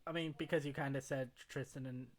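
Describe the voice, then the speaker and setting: A man co-hosting a podcast in casual chat, animated, acting out quoted lines and reading live comments. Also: mid-range voice, fairly quick, crowd noise. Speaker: podcast co-host.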